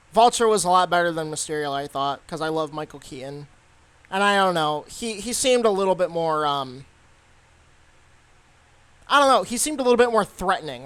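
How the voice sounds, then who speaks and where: A man's voice: sits high, fairly bright tone, no room sound. A young man giving a casual, rambling movie review, full of fillers and restarts.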